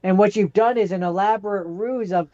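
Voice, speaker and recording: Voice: medium pitch, a little fast, darkish tone, dull audio. A podcast co-host in casual chat, stammering and repeating words while thinking aloud.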